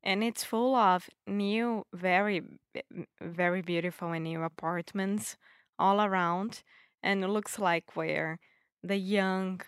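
A woman's voice: medium pitch, takes it slowly, clear, resonant tone, no echo, studio quality. Woman speaking careful English. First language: Portuguese. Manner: searches for words, hesitant, good-humoured. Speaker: podcast co-host, English learner. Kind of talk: casual conversation.

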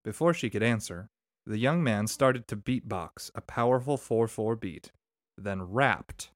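A man narrating a short story aloud from his home, expressive and lively in his delivery. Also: fairly low pitch, measured pace, dry recording, studio quality. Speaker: story reader and podcast engineer. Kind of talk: scripted narration.

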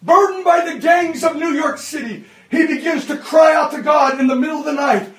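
A man's voice: extremely high pitch, normal speed. Impassioned man preaching in an echoey hall. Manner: impassioned, often shouting. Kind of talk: sermon. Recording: echoey hall, distant mic.

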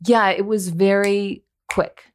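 In a conversational interview, a woman in her forties who works as a voiceover actor tells a story, animated and acting out the lines she quotes. Her voice sits in the mid range, and she speaks slowly.

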